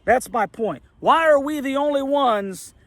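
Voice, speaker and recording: A man's voice: very high voice, animated, unhurried, dry recording. A middle-aged man ranting in a heated, exasperated way as a sports fan commentator, firing off rhetorical questions. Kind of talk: angry fan rant.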